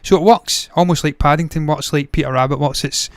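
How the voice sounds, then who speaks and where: A man's voice: on the high side, a little fast, no echo. A man hosting a movie news show, talking casually with blunt, profane opinions and frequent tangents. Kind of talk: casual solo commentary.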